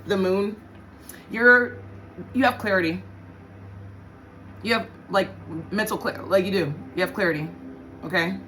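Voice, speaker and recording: A woman's voice: medium pitch, measured pace, pauses often, a bit bright, a little hiss or hum. A woman giving a casual tarot reading to her viewers, blunt and profane, often repeating her points for emphasis. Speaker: tarot reader.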